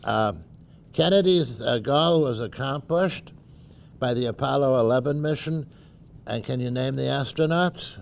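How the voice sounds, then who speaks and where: A man's voice: medium pitch, measured pace, vocal fry, slight background noise. An older man, a math professor, giving an informal lunch lecture, wry and reflective, with dry asides and frequent "uh"s. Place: university seminar room.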